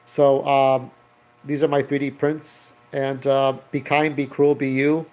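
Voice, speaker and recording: A man's voice: medium pitch, monotone, measured pace, darkish tone. A man in his thirties telling a story in a casual vlog, rambling and swearing as he acts out the characters. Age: 30s. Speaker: vlogger.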